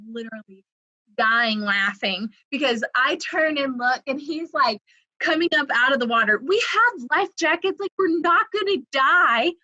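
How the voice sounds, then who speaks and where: Young southern woman rambling through a funny story, lots of "like", bright voice, dry close sound. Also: high voice, dry recording, highs cut off. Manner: chatty, lots of "like", laughs while telling. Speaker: creative writing coordinator. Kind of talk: casual storytelling.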